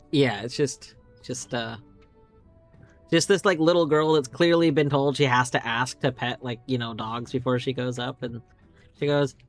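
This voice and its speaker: A game streamer talking through a live puzzle game, chatty and rambling, swearing casually. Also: mid-range voice. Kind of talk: live gameplay commentary.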